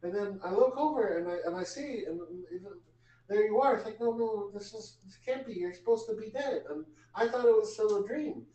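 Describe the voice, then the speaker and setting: A man's voice: sits high, moderate pace, warm tone, recorded from a distance, lo-fi sound, pitched above the performer's own voice, lightly acted. A man doing a tearful, stammering woman in shock. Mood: shaken, rambling. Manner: stammering, repeats words. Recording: roomy, from off the mic.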